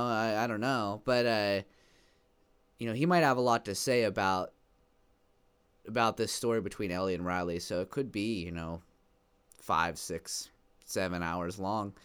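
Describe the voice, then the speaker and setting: Male co-host with a smooth, resonant voice; relaxed, unhurried gamer chat. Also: fairly low pitch. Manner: laid-back, hesitant, casual. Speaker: podcast co-host. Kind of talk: casual gaming chat.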